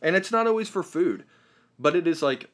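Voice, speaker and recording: A man's voice: a little high, animated, moderate pace, a bit bright. A man co-hosting a podcast in casual chat, chatty and rambling, with a joking manner. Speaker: podcast co-host.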